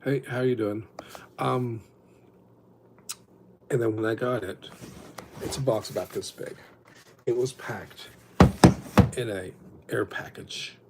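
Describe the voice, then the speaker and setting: A man's voice: medium pitch, fairly even intonation, slow, gravelly, long pauses, very noisy. A man hosting a livestream, telling rambling stories with lots of restarts in a casual chat. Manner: rambling, self-interrupting storyteller. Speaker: livestream host.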